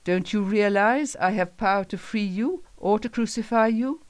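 A woman voicing a troubled male Roman governor in a Bible story reading, measured and questioning. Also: medium pitch, dry recording, lightly acted.

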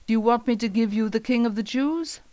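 A woman's voice: a little high, fairly quick, warm tone, no echo, natural voice. A woman reading a troubled Roman governor. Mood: questioning.

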